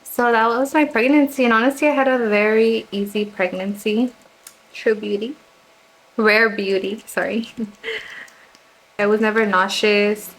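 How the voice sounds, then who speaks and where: A woman's voice: a little high, steady tone, unhurried, long pauses, slight background noise, low-quality recording. Chatty young woman telling a story. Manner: chatty, quotes others in her own voice. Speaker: vlogger. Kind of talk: casual storytime chat. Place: home, getting ready.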